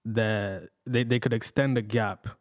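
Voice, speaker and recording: A man's voice: fairly low pitch, steady tone, measured pace, no echo, studio quality. A young man co-hosting a podcast, talking casually and hesitantly with many fillers. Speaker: podcast co-host. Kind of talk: casual chat.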